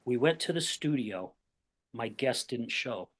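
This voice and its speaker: A man hosting a recovery podcast, telling a personal story in a lively conversational way, acting out what others said and often asking "right?". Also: mid-range voice, a little slow. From Utah, USA. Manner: animated storyteller, acts out quoted voices, says "right?" often. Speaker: podcast host.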